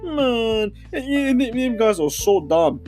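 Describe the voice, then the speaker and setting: A high, lively voice of a worked-up store supervisor, as a man puts him on for a comedy podcast skit. He stammers, repeats his words and ends every other phrase with "man", with pitch jumping all over. Faint music sits underneath. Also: slow, full character voice. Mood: exasperated. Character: excitable stuttering male store supervisor.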